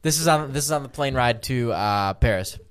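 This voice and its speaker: A man's voice: mid-range voice, brisk, clear, resonant tone. A young man co-hosting a casual podcast, telling a story with lots of swearing and laughter. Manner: animated storyteller, swears often and laughs through his stories. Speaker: podcast co-host.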